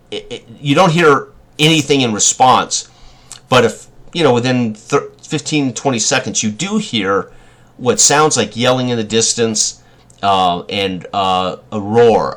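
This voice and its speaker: Game master, male, low voice, halting scene narration full of fillers. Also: lively intonation, a bit bright. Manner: descriptive, hesitant with many fillers. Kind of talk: narrating a tabletop role-playing game.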